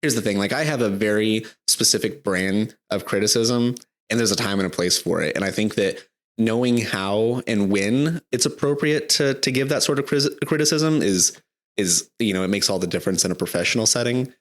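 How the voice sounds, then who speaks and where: A young man co-hosting a podcast in casual chat, halting often with restarts and fillers. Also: lowish voice. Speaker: podcast co-host.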